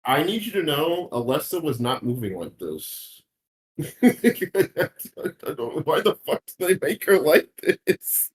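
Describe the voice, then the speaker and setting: A man's voice: a little high, big pitch swings, takes it slowly. A man co-hosting a podcast in casual chat, incredulous and swearing. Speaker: podcast co-host.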